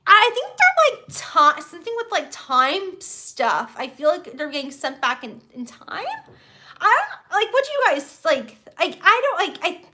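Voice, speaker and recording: A young woman hosting a casual live stream from home, chatty and excitable, full of fillers and restarts. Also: very high voice, measured pace. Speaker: YouTube host of a live stream.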